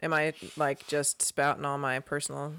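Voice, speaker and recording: A woman co-hosting a casual podcast chat in a home basement, animated, laughing often and swearing casually. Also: low-pitched, normal speed. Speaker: podcast co-host.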